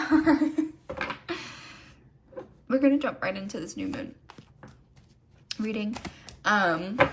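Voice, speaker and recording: A woman's voice: mid-range voice, slight background noise. A woman hosting a casual pick-a-card tarot reading, talking straight to her viewers while seated on camera and gushing with affection for them. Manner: gushing and effusive, addresses viewers as "my loves". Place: seated indoors, filming herself.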